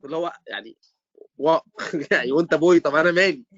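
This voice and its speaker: A man tutoring students for an exam, acting out doctor and patient lines in an animated way and repeating his questions. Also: fairly high pitch, rapid-fire. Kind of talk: online teaching discussion. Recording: dull lo-fi recording.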